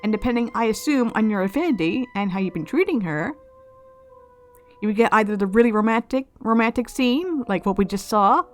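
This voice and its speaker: A woman's voice: on the high side, lively intonation, brisk, soft background music. A woman hosting a let's play, musing aloud and speculating in casual gameplay commentary, often restarting her phrases.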